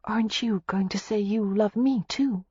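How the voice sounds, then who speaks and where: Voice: mid-range voice, moderate pace, a little mellow, slightly rough, no room sound, lo-fi sound, pitched above the performer's own voice, natural voice. A narrator voicing a spirited young American heiress in love in an audiobook, speaking earnestly and insistently. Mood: teasing. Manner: earnest, pleading. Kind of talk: audiobook character reading.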